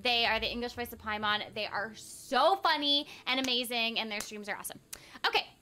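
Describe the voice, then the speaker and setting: Bubbly high-voiced woman streaming. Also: bright, forceful tone, slight background noise. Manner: bubbly, giggly, quick to laugh. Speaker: streamer and voice actor. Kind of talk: casual live-stream chat while gaming. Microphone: home streaming mic.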